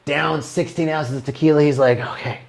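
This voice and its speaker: A man's voice: mid-range voice, lively intonation, moderate pace, a little mellow. A man telling jokes live to an online audience in a loose, rambling way. He restarts his sentences, trails off, and laughs at his own punchlines as he goes. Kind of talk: casual joke-telling on a livestream.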